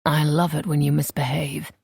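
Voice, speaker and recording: A woman voicing a charming, amused male suitor in a romance audiobook, speaking in a teasing, low-key way. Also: flat delivery, normal speed, creaky, a little mellow, husky, no echo, clean studio sound, heavily acted. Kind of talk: audiobook character reading.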